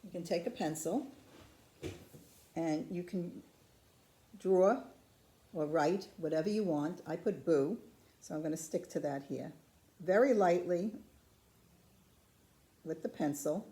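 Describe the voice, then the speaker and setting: A woman's voice: lowish voice, slow, long pauses. A woman patiently demonstrating ceramic painting step by step, chatting to the camera as she works. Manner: calm, patient, chatty instruction. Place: craft studio.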